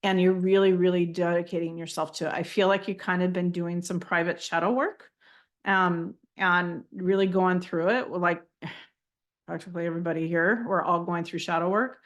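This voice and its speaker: A woman channeling messages for people in a live intuitive reading, speaking gently and heartfelt, often moved to emotion. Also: fairly even intonation, normal speed. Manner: speaks in flowing, high, invented-sounding syllables at times. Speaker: spiritual channeler giving readings.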